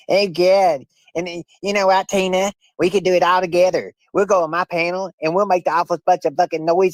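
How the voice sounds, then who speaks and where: A man's voice: fairly high pitch, a little mellow, dry recording, pitched above the performer's own voice, natural voice. A man putting on a scornful, mocking voice for a woman he is taunting, sneering and goading.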